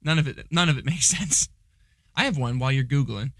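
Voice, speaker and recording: A man's voice: medium pitch, a little fast, no echo, clean studio sound. A man co-hosting a podcast in casual chat, joking and teasing, often laughing. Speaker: podcast co-host.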